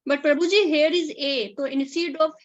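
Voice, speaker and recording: Student, female, high and slow, hesitant; muffled lo-fi sound. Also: fairly even intonation. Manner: hesitant, careful repetition.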